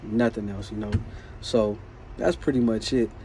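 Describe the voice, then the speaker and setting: A man with a warm, mellow voice recounts a story in a loose, animated, slangy manner. He talks the way a vlogger talks to his camera, with faint noise in the background. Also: lowish voice, moderate pace. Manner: animated, slangy retelling of a work conflict. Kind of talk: casual storytelling.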